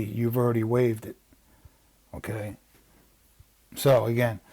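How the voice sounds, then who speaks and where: A man's mid-range, somewhat mellow voice comes through in a dry recording. Teaching legal strategy with a New York accent, he reads legal wording and explains it in an easygoing way, often starting over and wandering into asides.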